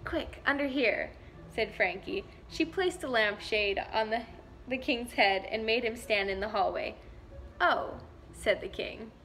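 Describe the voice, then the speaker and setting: A woman volunteer reading a picture book aloud to young children, slow, gentle and clear. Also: fairly high pitch, slight background noise. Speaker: volunteer story reader. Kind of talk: children's story read-aloud.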